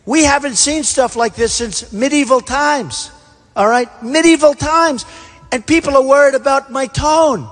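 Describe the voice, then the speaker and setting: A man with a high-pitched voice gives a boastful, repetitive campaign rally speech and drives his points home with blunt emphasis. His voice rings through a large hall with a long reverb tail. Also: unhurried, a bit bright. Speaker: political candidate at a rally. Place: large indoor rally venue.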